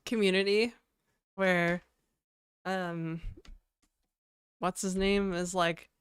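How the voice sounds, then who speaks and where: A woman's voice: on the low side, fairly even intonation, takes it slowly, long pauses, smooth, dry recording, studio quality. A woman livestreaming from home, casually chatting and reading her chat aloud with easy laughs. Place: home in Toronto.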